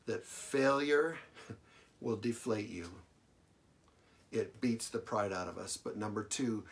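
A male pastor delivering a sermon, repeating phrases for emphasis and swinging between loud declarations and hushed lines. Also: lowish voice. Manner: dramatic preaching, big swings from loud to hushed.

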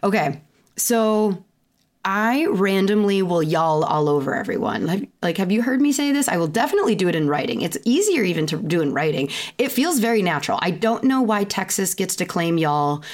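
A woman in her thirties with a Midwestern accent hosting a podcast, talking in a chatty, animated way with lots of fillers and asides. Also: mid-range voice, normal speed. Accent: Midwestern American. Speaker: podcast host and chiropractor. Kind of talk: casual solo podcast intro.

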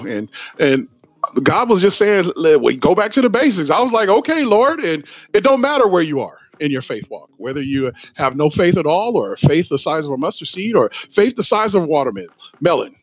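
A man who is a pastor, hosting a sermon-like podcast in an animated, preachy way with asides to his listeners. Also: a little high, dry recording, rough recording.

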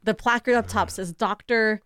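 Animated, laughing woman telling a story. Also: fairly high pitch, moderate pace, smooth, no room sound, clean studio sound. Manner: animated, laughs often mid-sentence. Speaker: podcast co-host. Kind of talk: casual chat, storytelling.

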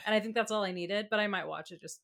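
Woman co-host, mid pitch, wry quips, giggles through the talk. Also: fast, creaky, fairly bright tone. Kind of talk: casual chat.

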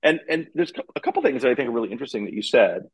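A man co-hosting a podcast in relaxed, casual chat, agreeing often and chiming in. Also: medium pitch, husky, no echo, rough recording. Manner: relaxed, agreeable, quick interjections. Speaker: podcast co-host.

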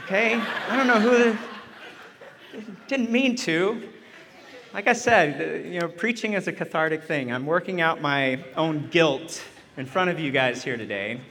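Male chaplain, 30s, high bright voice, self-deprecating comic storyteller, sermon in a reverberant hall. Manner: self-deprecating, chatty storyteller who jokes with the audience. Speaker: chaplain and retreat speaker. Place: church retreat meeting hall.

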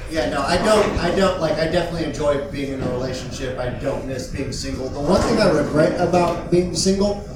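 A man with a slightly high voice delivers a rambling, self-deprecating stand-up set. The sound is roomy and echoey, heard from a distance. Loud noise sits under the voice. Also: fairly quick, hardly any pauses, music in the background. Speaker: stand-up comedian and show host. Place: comedy club stage. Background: audience laughter.

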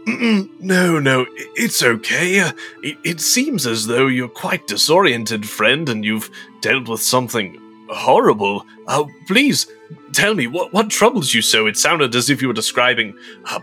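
A man voicing a calm, kindly male wandering priest who speaks gently and soothingly. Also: mid-range voice, unhurried, soft background music.

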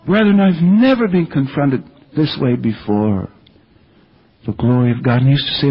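An older man preaches a sermon on an old radio broadcast, earnestly recounting revival stories with quoted speech. His medium-pitched voice has a breathy edge and moves at a normal speed, and the lo-fi recording sounds dull.

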